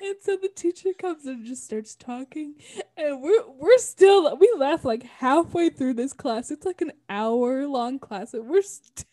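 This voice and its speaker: A woman's voice: high-pitched, animated, a little slow, darkish tone, no room sound, clean studio sound. A young woman in college telling an embarrassing story in casual chat, laughing often as she talks. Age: young adult. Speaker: podcast co-host.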